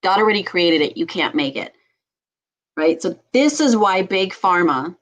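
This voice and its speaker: A woman doctor hosting a health talk show, speaking with a somewhat low voice. She talks with animated passion and laughs often. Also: normal speed, rough recording. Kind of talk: casual talk show chat.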